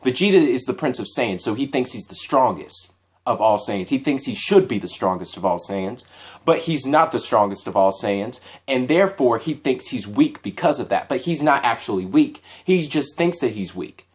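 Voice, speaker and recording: A man reviews an anime episode on his own in a casual way, thinking aloud in an animated, repetitive manner. His voice is mid-range and his pace moderate.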